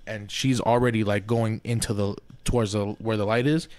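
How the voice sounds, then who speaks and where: Profane animated man telling a story. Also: lowish voice, moderate pace. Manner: profane, animated, says "you feel me" often. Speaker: podcast co-host. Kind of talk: casual storytelling among friends.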